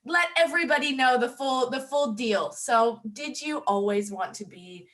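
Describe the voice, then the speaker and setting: A woman's voice: high-pitched, moderate pace, a bit bright. A woman hosting a casual interview, asking questions and giving short, encouraging replies. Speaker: interview host.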